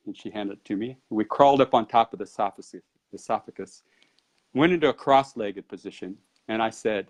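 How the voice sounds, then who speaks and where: Man telling a story with lively momentum. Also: fairly low pitch, a little fast. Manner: animated storyteller who varies his pace, often with "and I go". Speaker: Qigong and Tai Chi teacher. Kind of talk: storytelling in an interview.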